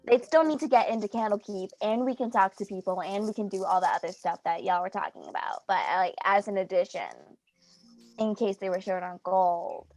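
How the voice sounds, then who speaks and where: A woman's voice: medium pitch, fairly quick, a little mellow, no echo. A woman speaks in character during a tabletop role-play session. She rambles and fills her thoughts with "like" and "um". Her voice sounds dry and close, with faint music underneath. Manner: rambling, full of "like" and "um". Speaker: tabletop game player.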